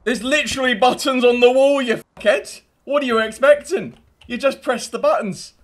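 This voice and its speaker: A British man with a very high voice, speaking at normal speed, provides casual gameplay commentary on his stream, laughing and swearing as he banters with other players.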